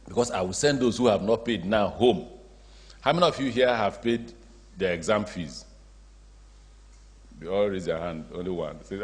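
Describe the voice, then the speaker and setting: Man, Nigerian accent, public speech, storytelling, acts out dialogue, somewhat low voice, long hall reverb. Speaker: state governor giving a speech.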